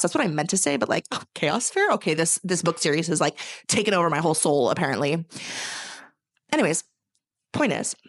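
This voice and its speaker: A young woman from California talks casually about her month's reading. Her voice sits on the low side, and the sound is close and dry. She rambles with constant filler words and swings between dramatic gushing and ranting. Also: a bit bright, no room sound. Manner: chatty, rambling, heavy use of filler words. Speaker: book reviewer. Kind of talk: casual chat.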